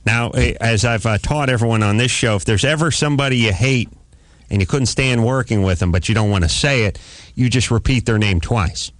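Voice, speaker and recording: A man's voice: a little fast, no room sound. A man hosting a comic talk radio show, riffing and joking with a guest. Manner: joking, riffing, mock high voice for quotes. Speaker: radio host.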